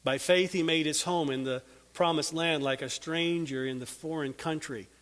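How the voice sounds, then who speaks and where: A man preaching a sermon, earnest and drawing out key words, ending in a quiet prayer. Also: on the high side, fairly even intonation. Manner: earnest, slows and drops soft on key words. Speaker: Bible teacher. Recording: long hall reverb.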